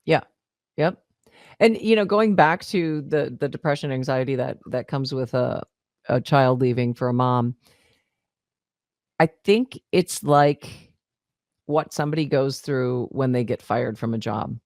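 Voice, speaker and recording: A woman's voice: very deep voice, a little slow, long pauses, a little mellow, no room sound, studio quality. A woman hosting a podcast in casual conversation, a supportive listener who builds on her guest's points. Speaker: podcast host.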